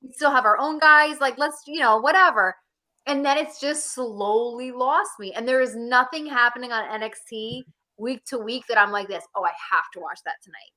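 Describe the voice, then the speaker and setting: Woman, late twenties, high voice, bright tone, casual opinionated chat. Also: normal speed. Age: 20s. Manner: animated, opinionated, drawls. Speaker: podcast co-host.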